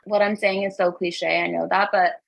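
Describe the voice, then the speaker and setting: A woman's voice: on the low side, flat delivery, normal speed, vocal fry, low-quality recording. Chatty young woman, a bit breathless. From United States. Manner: chatty, upbeat, laughs often. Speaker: singer and guest. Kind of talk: casual interview chat.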